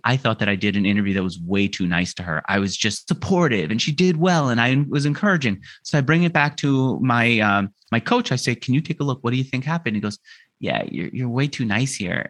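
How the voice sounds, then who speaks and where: Male podcast guest, mid-range voice, lively conversational storyteller who voices the dialogue he quotes. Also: medium pitch. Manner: animated, acts out quoted dialogue.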